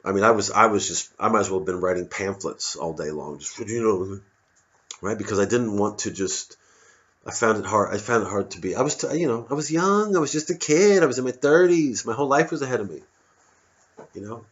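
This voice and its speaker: A man's voice: lowish voice, expressive, fairly quick, muffled recording. A male comedian giving a digressive, self-interrupting, profane stand-up monologue.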